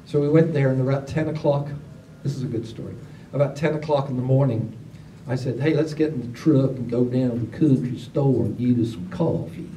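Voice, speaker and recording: A man, telling stories to a gathering in a casual, animated way, acting out other people's lines. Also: medium pitch, fairly quick. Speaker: storyteller at a gathering. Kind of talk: casual spoken storytelling. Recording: roomy, distant mic, faint background noise.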